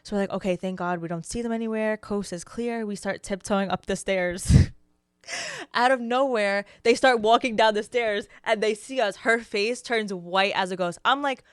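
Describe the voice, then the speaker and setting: Animated young woman telling a wild story. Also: mid-range voice, normal speed, clean tone, no room sound, studio quality. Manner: animated storyteller, swears freely, acts out quotes. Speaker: podcast co-host. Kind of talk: casual storytelling chat.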